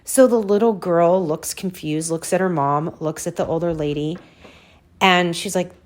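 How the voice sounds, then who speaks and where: Woman in her 40s, podcast host, storytelling solo, lower voice, unhurried. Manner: animated, addresses listeners as "you guys", acts out her reactions. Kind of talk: personal storytelling monologue.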